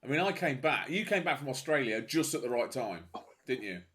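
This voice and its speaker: A man's voice: medium pitch, very animated, a little fast, fairly bright tone. Jokey British man hosting a home podcast. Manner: jokey, laughs often. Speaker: podcast host. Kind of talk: casual chat. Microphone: video call.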